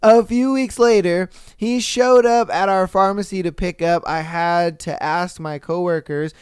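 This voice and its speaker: A young man hosting a podcast, reading stories aloud and reacting with swearing and loud outbursts. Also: sits high, steady tone, a little slow, clean tone, no room sound, studio quality. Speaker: podcast host.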